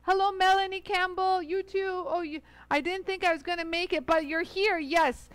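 A woman's voice: extremely high pitch, fairly even intonation, normal speed, a bit bright, no room sound. A woman hosting a live jewelry-tool stream, chatting casually and greeting viewers one by one in an effusive way. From Los Angeles area. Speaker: livestream host demonstrating jewelry tools. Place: studio bench under bright lights.

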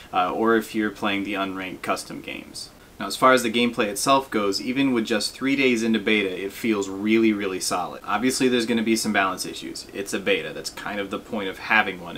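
Over his gameplay, a young gaming video host chats casually and pokes fun at himself, dropping fillers often. He speaks in a lowish voice, and the recording carries a little hiss or hum.

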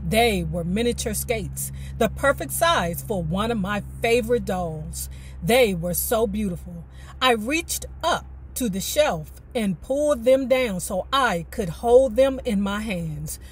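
A woman reading a memoir aloud and breaking off into animated, colloquial commentary. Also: medium pitch, breathy edge. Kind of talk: book reading with casual commentary.

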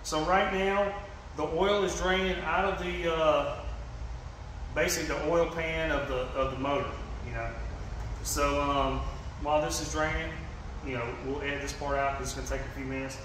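A man's voice: fairly high pitch, fairly even intonation, normal speed, noisy background. A man from Georgia with a Southern accent, casually walking through a hands-on repair and talking folksily with lots of "y'all" and fillers. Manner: folksy, says "y'all" often, many fillers and restarts. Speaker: fishing channel host. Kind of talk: casual how-to demonstration.

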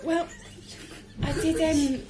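A woman's voice: high voice, fairly even intonation, slow pace, background noise. A young woman, a musical theatre performer, chatting and joking in a playful, giggly way with mock-serious asides. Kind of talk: joking casual chat.

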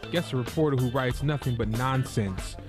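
A man's voice: medium pitch, normal speed, music in the background, lightly acted. A man voicing a grumpy, scornful older male café customer who talks in a sneering, haughty way.

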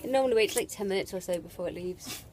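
A woman's voice: medium pitch, fast, a little mellow, a little hiss or hum. A woman, chatting casually as a family travel vlogger, rambling and correcting herself as she films on a handheld camera. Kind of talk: casual vlog chat. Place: outdoors at a beach and at home.

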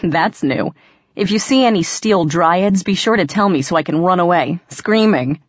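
A woman's voice: fairly low pitch, lively intonation, normal speed, no echo. A woman voicing a teasing young male fairy trickster with wry, sarcastic banter, in a dull, slightly muffled recording.

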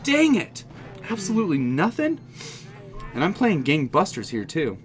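A man giving excited, jokey running commentary on his own mobile game, talking straight to his viewers. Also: a little high, normal speed, soft background music. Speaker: gaming channel host. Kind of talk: live gameplay commentary.

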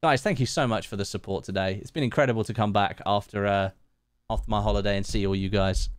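A man's voice: on the low side, fairly even intonation, fast, clean tone, dry recording. A man, casually chatting and thanking viewers one by one while streaming a game, laughing often. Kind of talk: casual live-stream chat while gaming.

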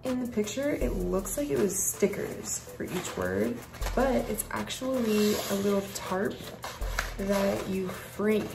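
A woman's voice: mid-range voice, unhurried, gravelly, over music. A tired woman talking casually through a shopping haul vlog at home, chatty and full of \"like\". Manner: chatty, filler-heavy, \"like\" constantly. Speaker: haul vlogger and mother.

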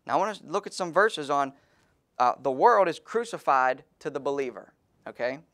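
A man pastor preaching a sermon in an informal, folksy way, with many fillers and restarts, and reading scripture aloud slowly and with emphasis. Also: on the high side, animated, a bit bright. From Pennsylvania, USA.

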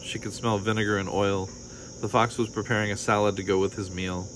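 A man reading a children's picture book aloud in a calm, measured storytelling voice. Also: lowish voice, noisy background.

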